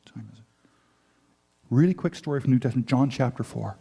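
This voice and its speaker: A man preaching a sermon, retelling a story in lively, paraphrased dialogue with frequent asides. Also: mid-range voice, fast, creaky, husky. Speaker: pastor.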